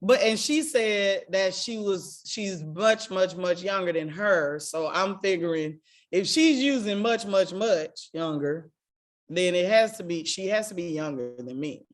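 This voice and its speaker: A woman's voice: on the low side, a little slow. A woman in her forties from Jackson, Mississippi, co-hosting a casual podcast chat and telling stories, acting out what people said and laughing often. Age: 40s. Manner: animated storytelling, acts out quoted voices, laughs often. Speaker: podcast co-host.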